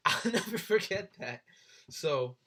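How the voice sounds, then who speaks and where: Animated young man telling a story. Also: moderate pace. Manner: animated, jumps high in pitch when excited. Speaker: vlogger. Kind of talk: casual storytelling.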